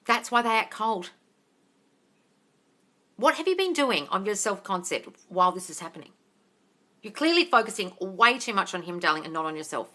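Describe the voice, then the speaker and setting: A woman's voice: mid-range voice, expressive, normal speed, long pauses, pushed and bright. A woman hosting a live manifesting Q&A, reading viewer comments and answering bluntly with lots of swearing, calling people darling. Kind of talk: casual live-stream chat reading comments.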